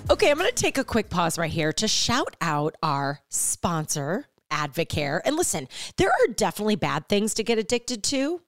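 A woman's voice: medium pitch, normal speed, hardly any pauses, soft background music. A woman hosting a podcast, bubbly and playful, chatting with guests and reading an ad. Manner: bubbly, animated, with playful asides. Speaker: podcast host. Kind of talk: casual interview chat and ad read.

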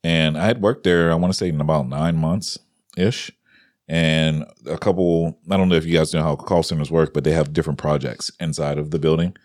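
A man with a very low voice, recorded dry and close with no room sound. He tells his stories in a loose, casual way, swearing freely, laughing often and acting out what people said. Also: steady tone, a little fast, darkish tone, no room sound. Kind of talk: casual chat, storytelling.

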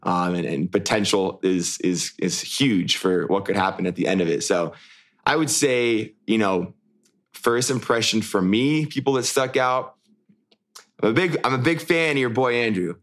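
A man's voice: fairly low pitch, moderate pace, fairly bright tone. A young man co-hosting a casual chat, rambling with many restarts and fillers. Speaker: podcast co-host, former show lead.

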